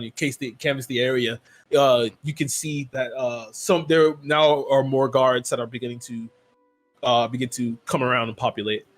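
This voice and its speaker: A man runs a tabletop game as its narrator, speaking at an everyday middle pitch. His description wanders and is packed with "like" and "um" fillers. Faint music plays behind him. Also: fairly bright tone. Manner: rambling, full of "like" and "um" fillers. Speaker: game master.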